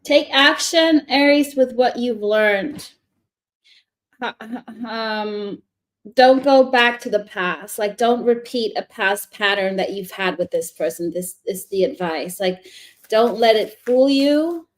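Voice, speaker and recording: A woman's voice: fairly high pitch, takes it slowly. A woman giving a casual live tarot reading, chatty and rambling, often restarting her sentences. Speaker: tarot reader.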